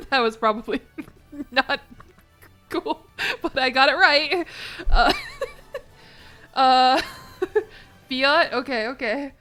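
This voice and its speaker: A woman's voice: sits high, lively intonation, takes it slowly, pauses often, sharp tone, soft background music. A young woman streaming a game, talking casually and laughing at her own mistakes, often apologizing. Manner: self-deprecating, laughing, apologetic. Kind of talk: casual live-stream commentary.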